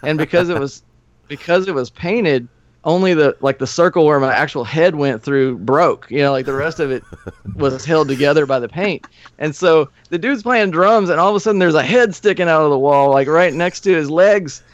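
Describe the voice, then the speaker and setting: Fairly high-pitched and speaking at normal speed, this former punk musician from Nashville, USA, now in his forties, guests on a podcast. He chuckles often through rambling, profane stories, captured in a dull, lo-fi, dry recording with no room sound.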